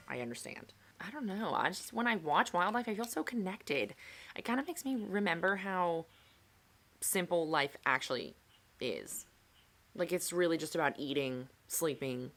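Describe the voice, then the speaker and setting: Low-voiced chatty young woman vlogging. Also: a bit bright. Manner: chatty, self-mocking, upbeat. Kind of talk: casual chat while crafting.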